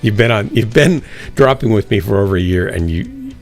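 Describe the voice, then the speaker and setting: A man's voice: lowish voice, wildly swooping pitch, fairly quick, faint music behind. A man streaming a mech game, joking and teasing his teammates in casual chat.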